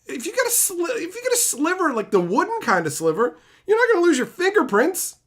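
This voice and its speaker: A man ranting profanely on a livestream while reading chat comments, swinging between loud outbursts and low mutters. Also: wildly swooping pitch, brisk. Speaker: streamer reading live chat. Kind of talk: livestream rant.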